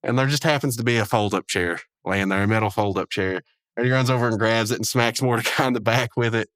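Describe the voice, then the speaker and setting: A man's voice: mid-range voice, fast, a bit bright, no room sound, studio quality. A man hosting a podcast, recapping an episode in a rambling, chuckling way with many asides. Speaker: podcast host.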